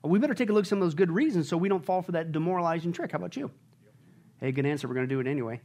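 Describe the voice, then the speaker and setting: A man preaching a sermon as pastor, asking the congregation questions and shouting with joy at high points. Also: rapid-fire. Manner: animated preaching, shouting and laughing at peaks.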